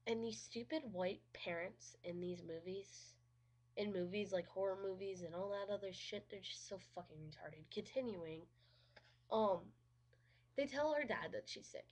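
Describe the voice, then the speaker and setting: A woman of medium pitch, with a darkish tone, speaks at normal speed as she casually reviews a movie. She's openly sarcastic, curses freely, and leans heavily on the word "like."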